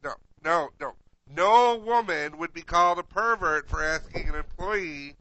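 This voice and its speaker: A man co-hosting a comedy podcast who talks in a halting, stumbling way during casual chat. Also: fairly high pitch, bright, forceful tone, dull audio. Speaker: podcast co-host.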